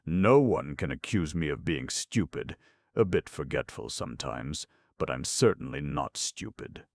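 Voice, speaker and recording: A man voicing a screeching, boastful male jay who is quick to defend himself in a storybook reading. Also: big pitch swings, gravelly, dry recording, studio quality, heavily acted. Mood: indignant. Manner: shrill and defensive.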